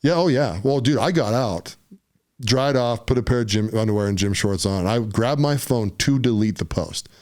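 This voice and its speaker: Low-voiced man telling a story. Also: normal speed. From Utah. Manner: animated, conversational, often says "dude" and "right?". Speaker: podcast guest. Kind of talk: casual storytelling.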